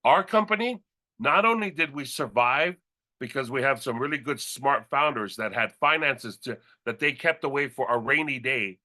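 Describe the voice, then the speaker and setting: A man speaking as a company leader in an energetic motivational stage speech, animated and playful. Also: medium pitch, moderate pace. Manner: animated, playful, breaks into sound effects and laughter. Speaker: company leader presenting new executives.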